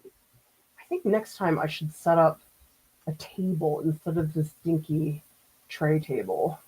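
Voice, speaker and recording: Middle-aged art teacher lady painting live, kinda low voice, chatty, laughs a lot. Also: slow, mellow, slightly rough, rough recording. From Boston area. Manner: chatty, laughs often, muses aloud while painting. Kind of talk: live painting demo, casual chat.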